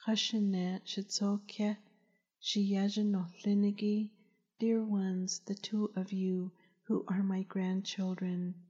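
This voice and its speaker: A woman's voice: mid-range voice, flat delivery, slow pace, darkish tone, big-room sound, lightly acted. A woman reading as a tearful grandmother. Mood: tender. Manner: tender, tearful ceremonial greeting. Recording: dull lo-fi recording.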